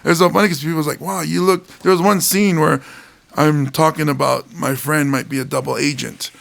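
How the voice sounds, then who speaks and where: A man's voice: on the high side, steady tone, fairly quick, vocal fry, fairly bright tone. A man, a comedian from Hawaii, telling stories in a laid-back way and laughing often on a podcast. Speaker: comedian guest. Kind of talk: casual podcast chat.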